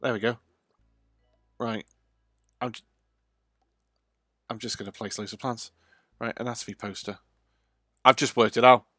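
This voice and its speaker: A man's voice: mid-range voice, steady tone, measured pace, long pauses, bright, forceful tone, no echo, soft background music. A man streaming a video game live, chatting in a loose, rambling way with frequent ums and uhs. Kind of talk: casual let's-play livestream commentary.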